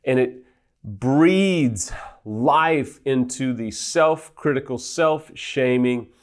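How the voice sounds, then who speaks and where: A man giving an earnest teaching talk as a recovery counselor, stressing his points in lists. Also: medium pitch. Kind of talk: teaching monologue.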